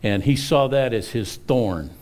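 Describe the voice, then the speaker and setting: A man's voice: medium pitch, animated, unhurried, a little mellow. A middle-aged male pastor preaching a sermon, earnest, often repeating words and rising for emphasis.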